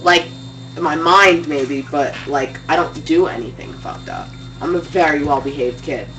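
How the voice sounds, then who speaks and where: A woman's voice: low-pitched, moderate pace, recorded from a distance, lo-fi sound, soft background music. A young woman chatting casually and teasing, telling crude family stories with lots of energy. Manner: animated, crude and teasing storyteller. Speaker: streamer's sister. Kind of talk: casual chat.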